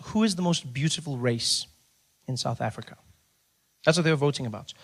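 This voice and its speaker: A man performing a stand-up comedy set on stage, telling stories with animated, mock-indignant bursts. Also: medium pitch, fairly quick, soft background music. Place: comedy stage before live audience.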